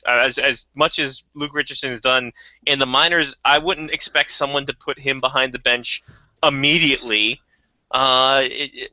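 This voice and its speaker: A man co-hosting a hockey talk show, joking in quick casual banter. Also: mid-range voice, pushed and bright, no echo, highs cut off.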